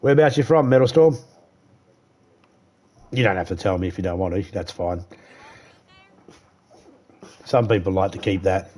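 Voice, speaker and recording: A man's voice: sits low, darkish tone. An Australian man chatting casually while streaming a game live, rambling easily and greeting viewers by name.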